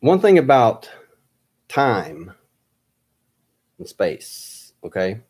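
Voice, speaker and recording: A man telling a personal story in a halting way, pausing often with fillers and restarts. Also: lowish voice, big pitch swings, a little mellow, husky.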